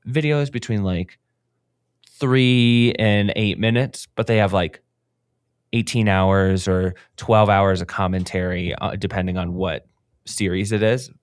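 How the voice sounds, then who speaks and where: A man's voice: lowish voice, steady tone, a little slow, clean tone, no echo, studio quality. A man co-hosting a running podcast, chatting casually and rambling with lots of fillers. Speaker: podcast co-host. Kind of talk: casual chat.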